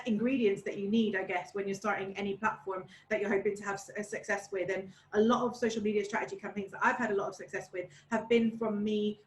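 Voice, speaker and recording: Woman, webinar host, chatty, rambling, echoey room, faint noise. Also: medium pitch. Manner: chatty, rambling, many fillers. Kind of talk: webinar question.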